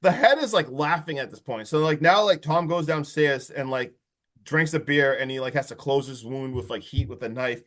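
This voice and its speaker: A man on a podcast excitedly retelling a horror movie's plot in a rambling, casual way. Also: mid-range voice, normal speed. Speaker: podcast co-host.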